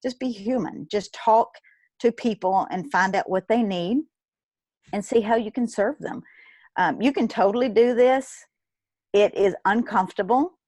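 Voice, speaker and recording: A woman in her fifties, a guest in an interview, telling a personal story in a lively way, acting out what others said and laughing often. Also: mid-range voice, unhurried, no echo. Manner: animated, acts out quoted dialogue, laughs often. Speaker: guest, retired nurse turned business owner.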